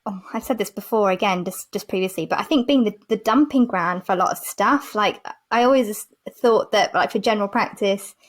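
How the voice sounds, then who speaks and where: A woman's voice: medium pitch, brisk, hardly any pauses. A woman who is a doctor in general practice, a guest in a casual podcast chat, giggly and self-deprecating.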